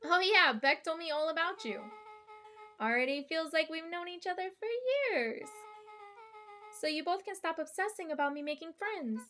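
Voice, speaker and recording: A woman voicing a pushy, scheming twelve-year-old girl in a video game, with a brisk, bossy, conspiratorial delivery. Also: very high-pitched, animated, sharp tone, faint music behind, voice pushed up, full character voice.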